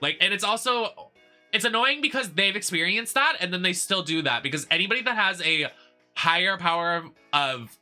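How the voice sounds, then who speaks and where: Young male streamer, sassy and emphatic, very bright tone over faint game music. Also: high-pitched, animated, moderate pace. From United States. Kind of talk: casual chat while gaming.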